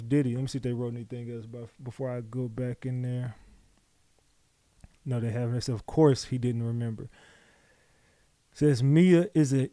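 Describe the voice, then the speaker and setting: A man with a New York accent commenting live on a trial, reading updates aloud and talking to his chat in a profane, animated way. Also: mid-range voice, dry recording. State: out of breath. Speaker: livestream commentator.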